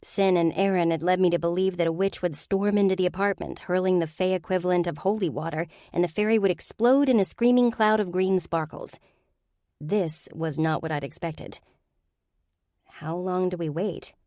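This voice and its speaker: A woman narrates a first-person audiobook with a wry, sardonic edge. Her voice sits low. The recording is close and dry. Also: a little fast, warm tone, dry recording.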